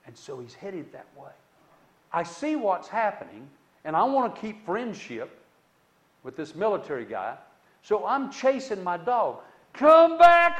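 Man, fairly high voice, storytelling testimony, animated, loud-to-hushed swings, chatty asides. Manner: conversational, with frequent restarts and asides to the listener.

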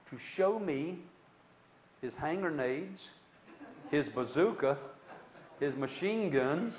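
A man with a fairly high-pitched voice tells a personal testimony story conversationally. He swings dramatically between loud and hushed delivery and makes many asides to the listener.

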